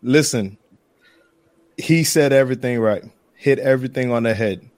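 A man's voice: mid-range voice, fairly quick, darkish tone, dry recording. A man hosting a sports podcast, building an argument emphatically and repeating his points for effect. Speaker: podcast host. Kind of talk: casual sports podcast chat.

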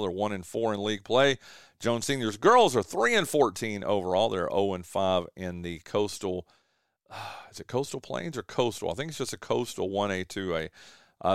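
Low-voiced man reading sports scores. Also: clean tone, no echo, clean studio sound. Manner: reads scores and records with frequent uh fillers and self-corrections. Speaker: sports radio host. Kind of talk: local sports radio rundown.

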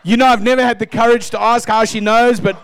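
A man preaching a sermon as pastor, telling stories in an animated way and acting out voices. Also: extremely high pitch, fast talker, clean tone. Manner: animated, acts out voices, laughs at own stories. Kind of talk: sermon storytelling.

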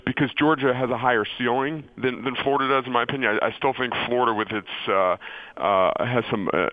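A man's voice: medium pitch, steady tone, a little fast, narrow, tinny audio. A man giving college football analysis as a radio guest, often stopping and restarting while he thinks aloud. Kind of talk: sports radio call-in analysis.

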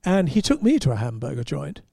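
A man, a podcast host and motoring journalist, telling an anecdote in an animated way and chuckling at his own punchlines. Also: on the high side, brisk, creaky, slightly rough, no room sound, studio quality. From England. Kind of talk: anecdotal storytelling.

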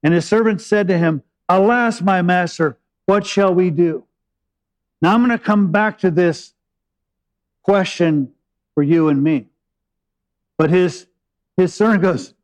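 A man delivers a sermon, retelling the old story in his own words. His voice sits a little high for a man, and he slows down on key phrases with pauses before stepping out to explain. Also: rough recording. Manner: retells scripture with dramatic pauses and asides. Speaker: preacher.

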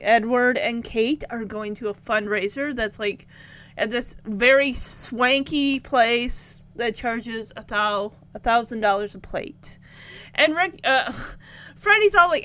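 A woman with a high, bright voice chats through a recap of a show, slipping into the characters' lines and adding incredulous asides. Her voice sits close and dry, with no room around it. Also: lively intonation, slow, no echo. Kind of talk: casual recap commentary.

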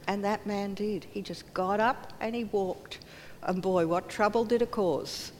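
A woman's voice: steady tone, unhurried, a little mellow. A woman giving a sermon in earnest tones, acting out quoted voices and dropping to near whispers. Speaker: preacher. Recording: hall reverb, faint rumble.

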